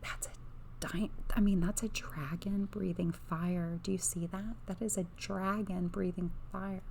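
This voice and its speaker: A woman hosting an ASMR oracle card reading on a livestream. She speaks softly on a close microphone, drifts into whispers, and gushes with dreamy enthusiasm. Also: medium pitch, fairly even intonation, a little slow, gravelly, slight background noise. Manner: soft-spoken, slipping in and out of whispers.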